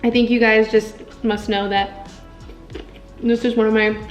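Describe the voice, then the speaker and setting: A woman's voice: fairly high pitch, little pitch movement, measured pace, echoey room, soft background music, rough recording. A young woman casually chatting through a cooking and eating vlog, upbeat and full of filler words. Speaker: food vlogger.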